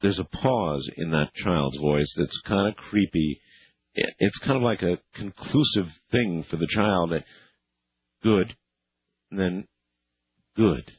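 A man's voice: low voice, measured pace, husky, no echo, lo-fi sound. A man hosting a radio interview, hesitant and amazed, with many fillers. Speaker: radio show host.

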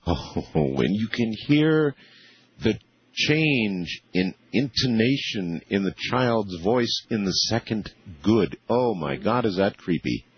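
A man's voice: fairly low pitch, very animated, slow, slightly rough, highs cut off. A man hosting a radio interview, hesitant and amazed, with many fillers. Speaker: radio show host.

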